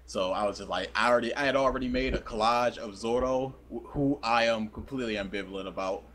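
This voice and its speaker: A man's voice: mid-range voice, fast talker, a bit bright, slight background noise. A young man co-hosting a podcast, telling a rambling, self-deprecating story in casual chat. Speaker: podcast co-host.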